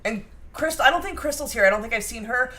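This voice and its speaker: A woman's voice: fairly high pitch, lively intonation, quick pace, sharp tone. A woman co-hosting a baking live stream, chatting casually and reading viewer comments aloud with lots of restarts.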